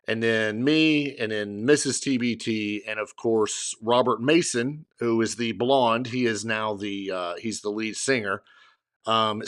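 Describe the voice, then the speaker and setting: Middle-aged man telling a lively story. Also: mid-range voice. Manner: animated, acts out others' lines while retelling a story. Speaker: podcast co-host. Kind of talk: casual storytelling chat.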